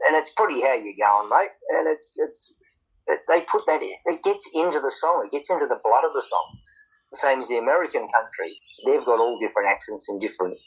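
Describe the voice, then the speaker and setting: Australian male country singer, husky, easygoing chat, dull lo-fi audio. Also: medium pitch, a bit bright. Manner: chatty, laughs often, repeats words. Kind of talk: casual podcast chat. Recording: dull lo-fi sound.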